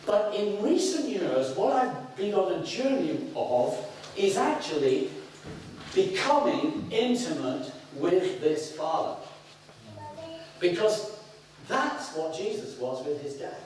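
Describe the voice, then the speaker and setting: A middle-aged Lancashire man preaches with a high, lively voice that leaps around as he talks. He is picked up from some distance in a very echoey church hall. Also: slow pace, slight background noise. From north of England. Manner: animated, with sudden whoops and acted-out quotes. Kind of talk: sermon.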